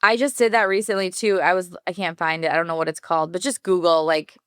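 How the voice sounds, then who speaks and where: A woman co-hosting a podcast, chatting casually in a relaxed way and laughing easily. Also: lowish voice, fast talker, smooth, no room sound, studio quality. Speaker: podcast co-host.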